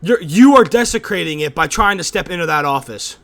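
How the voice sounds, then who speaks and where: A man's voice: fairly high pitch, animated, brisk, fairly bright tone. A young man streaming his crude, mocking reaction to a debate, swearing and laughing as he talks over the clips. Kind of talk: profane reaction commentary.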